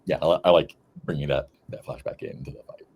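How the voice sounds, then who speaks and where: A man in casual chat, brainstorming a story plot hesitantly with many pauses and restarts. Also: a bass voice, steady tone, darkish tone, slightly rough. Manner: hesitant, full of ums and restarts. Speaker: game player.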